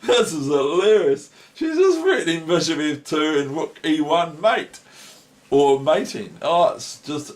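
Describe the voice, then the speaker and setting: A man with a New Zealand accent and a medium-pitched voice comments casually on a chess game as a teacher. He sounds delighted and laughs often between remarks.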